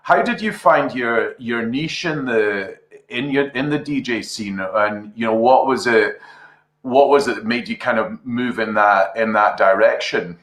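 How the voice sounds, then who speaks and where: A man's voice: medium pitch, a little slow, a bit bright. Man asking rambling questions in a roomy space. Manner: long, meandering questions with hesitations. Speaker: interviewer. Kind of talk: interview questions. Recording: roomy echo.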